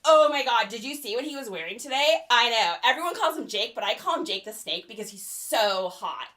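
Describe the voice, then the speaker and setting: A woman's voice: a little high, animated, a little fast, fairly bright tone. A woman voicing a dramatic 1980s teenage girl who gossips on the phone in valley-girl slang. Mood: gossipy.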